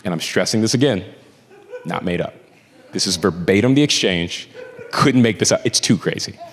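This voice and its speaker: A male stand-up comedian telling a story on stage in an animated, profane way, with asides to a live audience. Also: low-pitched, moderate pace. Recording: echoey venue with audience laughter.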